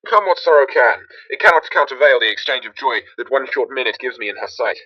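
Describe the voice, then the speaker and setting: A man voicing an ardent young nobleman in an amateur animation, with low, measured verse delivery. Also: animated, no room sound, recorded from a distance, lo-fi sound, close to an everyday voice.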